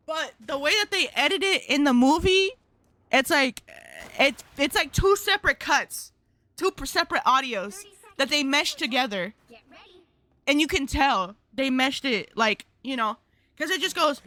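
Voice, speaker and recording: A woman's voice: sits high, animated, normal speed, sharp tone. Slangy young woman streamer, rambling. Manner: rambling, slangy storytelling that breaks into laughter. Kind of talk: casual live-stream chat while gaming.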